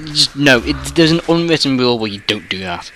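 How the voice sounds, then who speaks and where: A man's voice: mid-range voice, lively intonation, fairly quick, background noise. A young Englishman ranting on his gaming channel, rambling and sweary, full of filler words and trailing asides. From England. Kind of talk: ranting monologue.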